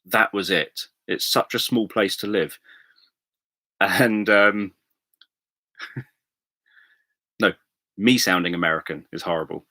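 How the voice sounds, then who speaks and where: A man chatting casually on a livestream, rambling with many pauses and self-corrections. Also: low voice, pushed and bright, dry recording. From England. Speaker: livestream host. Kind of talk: casual chat with viewers.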